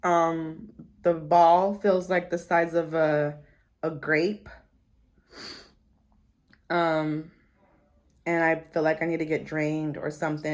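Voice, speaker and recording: A woman vlogging from home, venting in an upset, rambling way and swearing freely. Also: low voice. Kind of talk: casual personal vlog, venting. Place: at home, dog nearby.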